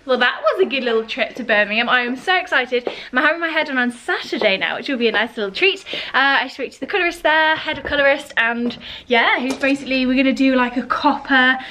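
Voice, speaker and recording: A woman's voice: sits high, a little fast, few pauses, sharp tone, a little hiss or hum. A young British woman, a lifestyle vlogger, chatting to camera in a bubbly, gushing way with plenty of fillers. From United Kingdom.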